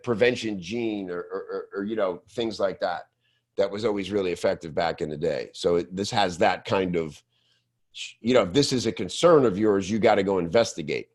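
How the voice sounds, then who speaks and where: Animated man coaching copywriters. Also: sits low. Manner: animated, swears casually, acts out reactions. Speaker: podcast host critiquing copywriting. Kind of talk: casual teaching monologue.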